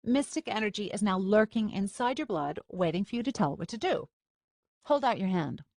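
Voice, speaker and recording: A woman's voice: mid-range voice, lively intonation, fairly quick, darkish tone, dry recording, clean studio sound, lightly acted. A woman voicing a confident young female mentor who teaches magic with bossy, teasing remarks. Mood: instructive.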